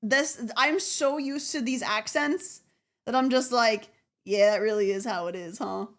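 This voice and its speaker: Woman streamer, a bit high, slight Southern accent, chatty reaction commentary. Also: a little slow. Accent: Southern American, slight. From American South. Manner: chatty, laughing asides. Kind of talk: casual chat reacting to a video.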